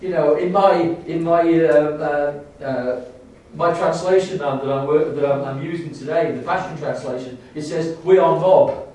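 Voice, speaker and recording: A man preaching a sermon in a church, halting with many restarts and rising to fervent emphasis. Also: fairly high pitch, fairly even intonation, a little mellow. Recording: echoey church hall, distant mic.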